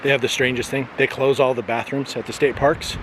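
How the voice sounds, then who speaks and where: A man's voice: mid-range voice, level tone, brisk. A man vlogging casually on a coastal cape, joking dryly with sarcastic asides and at times out of breath from a steep hill. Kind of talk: casual vlog narration. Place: outdoors on a windy coastal cape. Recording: noisy outdoor camera audio.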